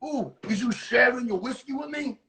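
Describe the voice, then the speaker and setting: A man hosting a casual livestream cooking class, talking in a goofy, playful way with mock-rough slang. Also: extremely high pitch, normal speed, bright, forceful tone.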